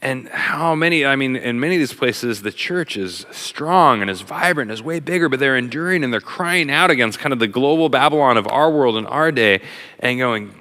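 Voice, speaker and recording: A middle-aged man giving a sermon in a casual, animated way with lots of fillers, a father. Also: medium pitch, normal speed. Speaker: pastor. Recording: long hall reverb.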